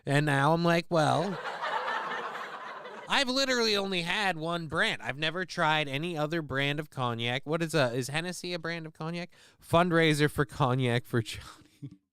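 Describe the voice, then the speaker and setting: A man's voice: a little high, a little slow, a bit bright, smooth. A man hosting a livestream, talking casually in a rambling, profane, self-mocking way. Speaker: livestream host.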